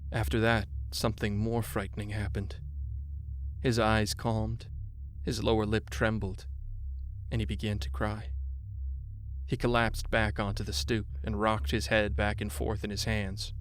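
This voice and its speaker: A man narrating a horror story in a measured way, slowing down on grim details. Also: on the low side, level tone, a little hiss or hum.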